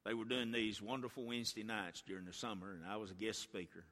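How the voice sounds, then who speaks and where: A man preaching a revival sermon as a guest speaker in a church, telling a story and building to impassioned shouts. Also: fairly low pitch, level tone, fast talker. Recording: long church reverb.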